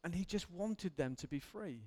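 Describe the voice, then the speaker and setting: A man's voice: high voice, lively intonation, normal speed, darkish tone. A man preaching an earnest, candid sermon in a church hall, building to emphatic intensity.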